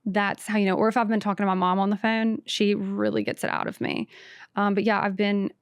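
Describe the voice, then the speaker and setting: A woman's voice: mid-range voice, brisk, smooth, dry recording, studio quality. A woman from the American South with a light Southern accent, a stand-up comedian hosting her own podcast in a brash, sassy, self-mocking solo rant. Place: podcast studio.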